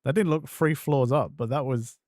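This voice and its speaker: A man streaming a game and commenting as he plays, excitable and quick to swear and burst into exclamations. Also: medium pitch, no room sound, clean studio sound. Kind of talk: gameplay commentary.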